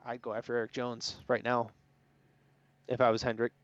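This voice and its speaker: A man's voice: mid-range voice, monotone, normal speed, no room sound. A man co-hosting a podcast, chatting casually and with strong opinions about racing, laughing easily. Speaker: podcast co-host. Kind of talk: casual sports chat. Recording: dull, dry lo-fi sound.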